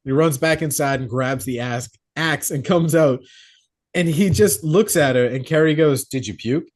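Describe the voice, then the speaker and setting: A man's voice: fairly high pitch, normal speed. A man co-hosting a horror podcast, retelling a film plot casually, swearing and acting out the characters' lines. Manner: swearing, animated retelling with quoted character voices. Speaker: podcast co-host. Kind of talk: casual movie recap. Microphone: podcast mic.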